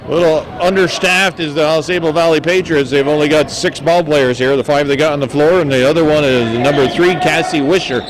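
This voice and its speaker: A man doing folksy, joking play-by-play of a local high school basketball game. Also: fairly even intonation, brisk, hardly any pauses. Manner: folksy, jokey, stumbles over player names. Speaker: play-by-play announcer. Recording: noisy gym broadcast audio. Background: gym ambience and bouncing basketballs.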